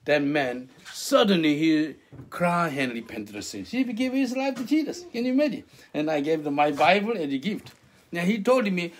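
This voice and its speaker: Animated husky male preacher, high voice. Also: moderate pace. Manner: animated, questions the listeners, broken English. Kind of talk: interactive sermon.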